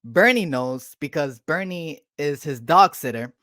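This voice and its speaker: A woman's voice: deep voice, lively intonation, unhurried, fairly bright tone, dry recording, studio quality. A young woman co-hosting a podcast, rambling casually with lots of fillers and swearing. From United States. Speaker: podcast co-host. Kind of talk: casual chat.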